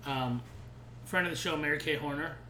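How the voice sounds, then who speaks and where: Thirties male co-host, slightly high and bright, animated storyteller who swears, echoey room. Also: normal speed, a little hiss or hum. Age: 30s. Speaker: podcast co-host. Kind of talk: casual chat. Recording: roomy echo.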